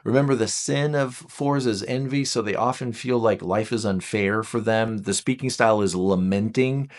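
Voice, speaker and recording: A man giving a casual explanatory talk, animated and self-deprecating, often acting out quoted speech with big jumps in his voice. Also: fairly low pitch, moderate pace. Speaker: teacher.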